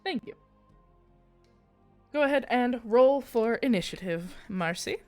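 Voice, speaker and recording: A woman's voice: fairly high pitch, lively intonation, measured pace, a little mellow. A woman runs a tabletop game as game master, narrating the scene in a casual way. She curses freely and keeps the tone loose, with faint music under her voice.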